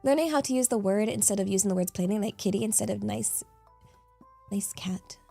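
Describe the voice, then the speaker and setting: A woman's voice: mid-range voice, fast, vocal fry, mellow, no room sound, soft background music. A British woman streaming, chatting casually with viewers in a playful, giggly way that swoops up into squeals. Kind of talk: casual livestream chat answering viewers.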